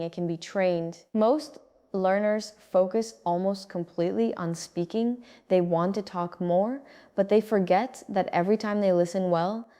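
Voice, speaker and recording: A woman giving a calm, scripted English-speaking lesson, pronouncing each word clearly and steadily. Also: mid-range voice. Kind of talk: scripted instructional narration.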